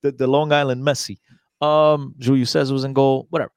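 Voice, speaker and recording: A man telling a story in casual chat, animated and laughing, acting out quotes from other people. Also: mid-range voice, brisk, clear, resonant tone, dry recording, studio quality. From New Jersey.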